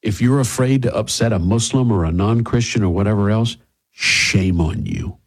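Husky talk radio host. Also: male voice, lowish voice, brisk, dark tone. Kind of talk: talk radio monologue and ad read.

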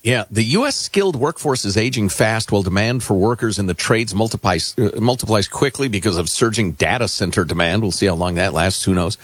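A man's voice: lowish voice, animated, fairly quick, few pauses, husky, no room sound. A middle-aged man hosting talk radio in casual chat, dry and sarcastic, with many fillers and restarts.

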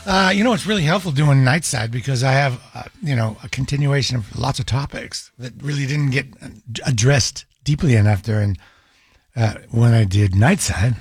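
A man's voice: medium pitch, lively intonation, moderate pace, slightly rough. A middle-aged man hosting a call-in radio show, talking casually with many fillers and restarts, and firing off exasperated rhetorical questions. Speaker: radio talk show host.

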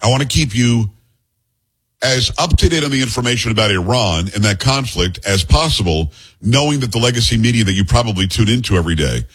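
A man's voice: medium pitch, animated, a little fast, fairly bright tone, husky. A man hosting a talk radio show, delivering a chatty, opinionated monologue with joking asides to his producer.

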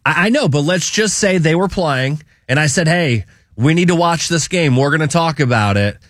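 A man's voice: a little high, lively intonation, normal speed, a bit bright, no room sound, clean studio sound. A man hosting a radio show, teasing his co-host in casual banter and often stumbling over his words. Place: radio studio.

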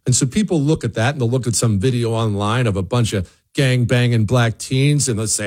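A man's voice: mid-range voice, brisk, darkish tone. A man hosting an opinion monologue, preachy and emphatic, often restarting his words. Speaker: commentary host.

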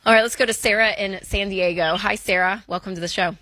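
A woman's voice: medium pitch, fairly even intonation, quick pace, pushed and bright, no room sound. A woman co-hosting a call-in advice show, chatty and reassuring, with plenty of fillers. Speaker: radio call-in show co-host. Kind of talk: casual advice chat.

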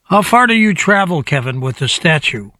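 A man hosting a radio talk show, brisk and conversational. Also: fairly high pitch, sing-song, bright, forceful tone, no room sound. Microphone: studio mic, dry.

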